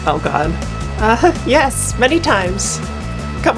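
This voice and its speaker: A woman's voice: lowish voice, measured pace, gravelly, pauses often, music in the background. A woman reading a visual novel aloud, narrating the text and casually reacting as she thinks through her choices. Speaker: game player and reader.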